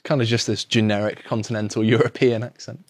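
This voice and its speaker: A man in a casual podcast chat, speaking in an unhurried, halting way. His voice is low, and the sound is dry with no room echo. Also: flat delivery.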